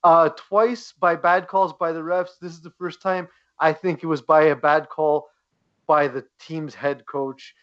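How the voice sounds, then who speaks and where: A man hosting a casual podcast, joking and animated, often restarting his sentences. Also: on the high side, a little slow, highs cut off. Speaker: podcast host. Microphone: podcast mic, leans away at times.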